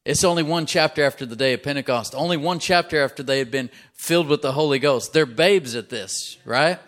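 A man preaching a sermon, telling stories and acting out his characters in a raised voice, building to loud, emphatic peaks. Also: a little fast. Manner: acts out quoted characters in a higher voice. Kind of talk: sermon with storytelling.

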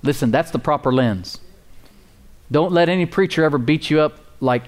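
In church before a congregation that responds, a pastor with a fairly high voice speaks at normal speed. He preaches emphatically and casually, hammering key words, asking for amens, and sprinkling in fillers and folksy asides.

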